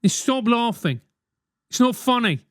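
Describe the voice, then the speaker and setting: Animated ranting man in his forties, high voice. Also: measured pace, no room sound, clean studio sound. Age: 40s. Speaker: podcast host. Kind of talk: solo podcast monologue.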